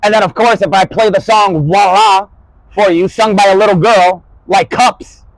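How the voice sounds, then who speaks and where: A man with a fairly high voice delivers a rambling spoken-word monologue, leaping from one topic to the next. He swears freely and swings between quiet asides and louder bursts. The sound is dry and close, with no room around it. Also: normal speed, dry recording, poor audio. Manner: rambling, jumping topics, swearing, shifting loudness.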